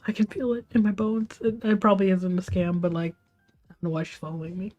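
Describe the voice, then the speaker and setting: A woman streamer venting from home late at night, keeping her voice hushed and half-whispered, swearing and rambling with restarts. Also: mid-range voice, little pitch movement, fast talker. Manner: hushed, half-whispered talk to keep quiet. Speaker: live streamer. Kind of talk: venting storytime on a livestream.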